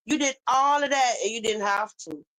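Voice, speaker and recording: A woman's voice: fairly high pitch, moderate pace, a bit bright, poor audio. A woman hosting a casual live-stream chat, asking questions and recalling earlier remarks. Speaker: commentary show host.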